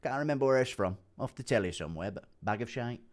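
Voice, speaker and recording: A man doing an impression of a blunt older English dad who repeats his catchphrases in a flat, low-key mutter. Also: fast, lightly acted. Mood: deadpan.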